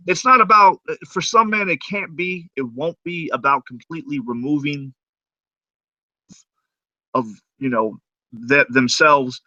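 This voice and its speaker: A man's voice: on the high side, a little slow, long pauses, pushed and bright, no echo, lo-fi sound. A man in casual stream talk, speaking in a reflective, laid-back way with casual swearing. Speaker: stream co-host. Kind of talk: casual chat.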